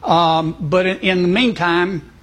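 A man speaks plainly and folksily in an interview clip, stopping now and then on hesitant fillers. His voice is high for a man and has a husky grain. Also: slow, fairly bright tone, low-quality recording. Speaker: senator in a clip.

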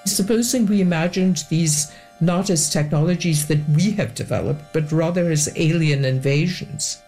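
A woman, an academic guest, answering an interview in a thoughtful, measured way. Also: low-pitched, dark tone, faint music behind.

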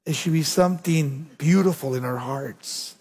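Male preacher with a high, husky voice, emphatic peaks falling to near-whispers, long church reverb. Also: normal speed. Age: young adult. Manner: dramatic swings between loud emphatic lines and low hushed endings. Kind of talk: sermon.

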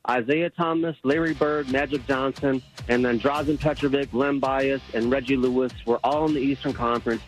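A man's voice: mid-range voice, steady tone, normal speed, hardly any pauses, faint music behind, low-quality recording. A man calling in to a sports radio show with a confident, punchy take. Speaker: caller.

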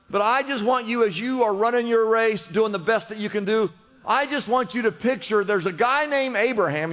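High-voiced preacher in a reverberant hall. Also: male voice, a bit bright. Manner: emphatic, repetitive exhortation. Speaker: pastor. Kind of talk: sermon. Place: church in Los Angeles.

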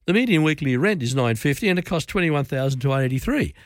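A man's voice: on the high side, expressive, fast talker, no echo. Aussie radio guy ranting about stuff, chatty, rattles off numbers, dry close mic sound. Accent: Australian. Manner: conversational, reels off figures with asides. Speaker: radio host. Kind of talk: opinionated talk-radio commentary.

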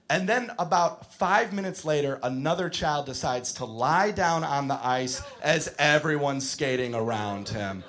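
A young man doing a stand-up comedy set, telling stories with animated, exasperated yelling and plenty of swearing. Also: fairly high pitch, measured pace, hardly any pauses. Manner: profane. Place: comedy club stage with audience. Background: audience laughter.

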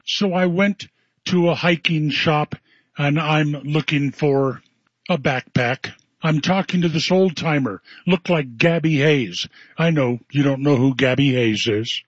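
A male talk radio host spins a folksy anecdote with a wry, knowing delivery. His voice sits a little high, and the sound is dry and close. The broadcast has a dull, narrow tone. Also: measured pace, no echo. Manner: folksy, wry storytelling with acted quotes. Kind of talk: storytelling radio monologue.

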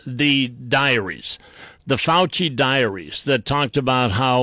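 A man's voice: mid-range voice, unhurried, fairly bright tone, no room sound, clean studio sound. A man hosting a talk radio show, rambling and irreverent, with many fillers and restarts. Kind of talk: casual talk radio monologue.

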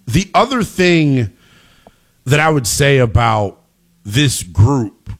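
A man hosting a sports talk radio show, delivering an emphatic monologue that rises to shouting at its peaks. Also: medium pitch, very animated, takes it slowly.

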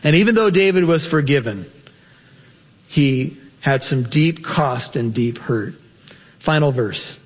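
Pastor guy preaching slow, kinda high voice, big echoey church sound. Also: animated, husky. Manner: impassioned preaching, rising high on emotional quotes. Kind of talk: sermon. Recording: long hall reverb.

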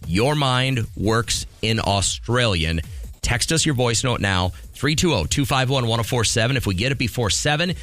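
A man's voice: medium pitch, animated, brisk, few pauses, a bit bright, faint music behind. A man hosting a morning radio show, upbeat and joking as he chats with callers and runs a contest. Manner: upbeat, joking, promo-style. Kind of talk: casual radio banter.

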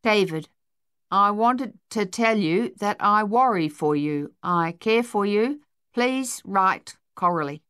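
A woman's voice: medium pitch, animated, slow pace, fairly bright tone, clean tone. A woman reading out the earnest, tender letter of a young woman.

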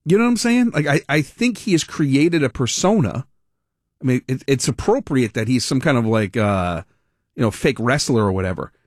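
A man hosting a political talk radio show, giving animated, rambling, sarcastic commentary. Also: medium pitch, normal speed, dry recording, clean studio sound.

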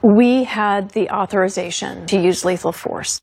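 Husky woman recalling a fighter pilot mission. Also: mid-range voice, unhurried. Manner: earnest, steady and resolute. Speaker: former fighter pilot, interviewee. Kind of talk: recounting interview.

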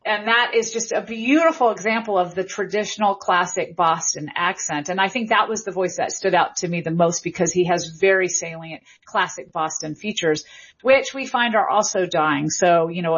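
A middle-aged woman from the American South speaks in a slightly husky, breathy voice. She talks reflectively about how people speak, drawing out her phrasing. The audio is muffled and lo-fi. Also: fairly low pitch. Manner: thoughtful, reflective, drawn-out phrasing. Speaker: guest linguist. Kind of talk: explanatory conversation.

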